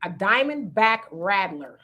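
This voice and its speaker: A middle-aged woman hosting a casual live chat, telling a lively story and acting out the people in it. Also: medium pitch, unhurried. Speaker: host.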